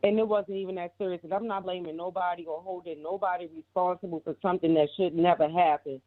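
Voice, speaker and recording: A woman's voice: fairly low pitch, steady tone, fast talker. A woman giving heated, emphatic commentary, repeating herself and cursing freely. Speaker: guest commentator. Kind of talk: casual commentary. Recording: tinny phone line.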